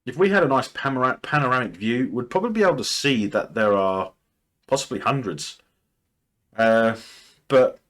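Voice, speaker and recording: A man's voice: medium pitch, fairly bright tone. A man hosting a TV reaction video, casually thinking aloud and speculating, often restarting his sentences.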